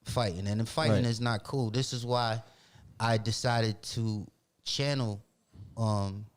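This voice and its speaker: A man from Boston, a podcast guest telling a story in casual chat, animated and profane, acting out the voices of others. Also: on the low side, takes it slowly, clean tone. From Boston, Massachusetts.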